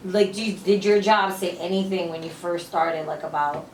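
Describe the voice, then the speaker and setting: Relaxed woman guest, inquisitive, distant roomy recording with light hiss. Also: lowish voice, moderate pace. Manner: relaxed, asks questions, laughs along. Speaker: podcast guest. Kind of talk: casual chat. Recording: roomy, distant mic with faint noise.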